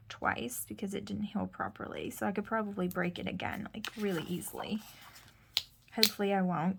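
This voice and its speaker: Chatty woman with a gravelly voice. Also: mid-range voice, background noise. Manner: chatty, rambling, full of "like". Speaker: vlogger. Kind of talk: casual chat.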